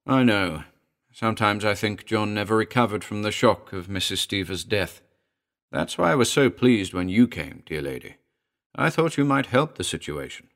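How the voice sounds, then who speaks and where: A smooth, condescending middle-aged gentleman, voiced by a man in an audiobook drama. The voice is very deep yet swings up and down a lot, and he talks in an unctuous, soothing way. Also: expressive, moderate pace.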